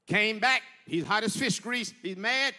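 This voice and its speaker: High, bright preacher in echoing hall. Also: male voice, a little slow. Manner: storytelling preacher, swelling into shouted sing-song peaks. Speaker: pastor. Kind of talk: sermon. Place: church sanctuary. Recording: echoey church hall.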